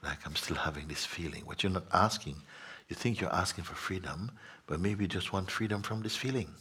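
A man guiding listeners as a spiritual teacher, soft-spoken, often dropping to a whisper and playfully acting out voices. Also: sits low, fairly quick, husky.

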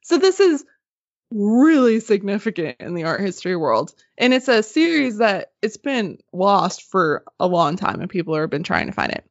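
A woman casually telling a story on a podcast, animated and swearing freely, laughing as she goes. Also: medium pitch, moderate pace, no room sound. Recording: slightly muffled dry podcast audio.

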